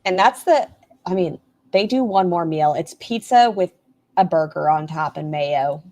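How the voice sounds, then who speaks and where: A woman's voice: lowish voice, animated, unhurried, a little mellow. A woman hosting a casual commentary stream, making snarky, sarcastic remarks.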